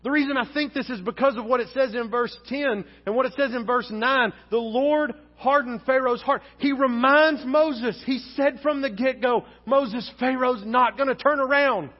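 High-voiced male preacher in echoing church. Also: moderate pace, hardly any pauses. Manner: animated preaching, acting out dialogue. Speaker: pastor. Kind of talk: sermon. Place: church sanctuary. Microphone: wearing a face mask. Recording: dull sound with long hall reverb.

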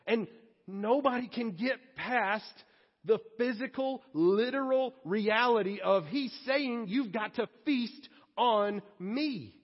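A pastor with a high-sitting, husky voice preaches a sermon to his congregation in a church sanctuary, keeping it conversational and joking. The recording sounds like a reverberant hall and is slightly muffled.

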